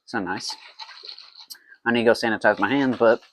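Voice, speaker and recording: A man's voice: medium pitch, normal speed, fairly bright tone, a little hiss or hum. A man talking to himself in a playful, rambling way while making mead at home, in a casual brewing vlog. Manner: rambling, playful self-talk.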